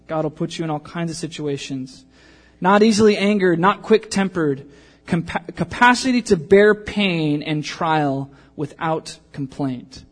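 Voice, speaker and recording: A man in his thirties preaching a sermon, telling a personal story and acting out the voices in it. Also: fairly high pitch. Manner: animated storytelling, acting out quotes. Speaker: pastor.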